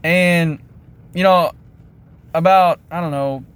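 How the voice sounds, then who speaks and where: A man's voice: fairly high pitch, steady tone, takes it slowly, a bit bright, clean tone. A man hosting a podcast, talking casually and motivationally, rambling a bit and poking fun at himself while repeating his catchphrases. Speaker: podcast host.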